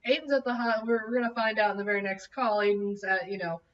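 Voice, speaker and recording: A woman's voice: mid-range voice, steady tone, fast talker, fairly bright tone, distant mic. Middle-aged lady ranting about a tv show, blunt and fed up, kinda muffled and off-mic. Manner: blunt, exasperated, loose and conversational. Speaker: show reviewer. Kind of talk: casual rant-style TV review.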